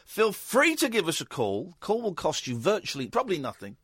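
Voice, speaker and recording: A man's voice: sits high, huge pitch swings, fairly quick, few pauses, a bit bright, husky, no room sound. An English man hosting a late-night call-in radio show, joking and teasing his callers. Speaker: radio host. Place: radio studio.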